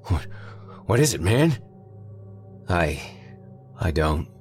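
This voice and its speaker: Brief: man doing scared stammering ex-mailman, shaky, slightly raised pitch. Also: very animated, takes it slowly, soft background music, exaggerated voice. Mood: panicked. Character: nervous, frightened young-ish ex-postal worker.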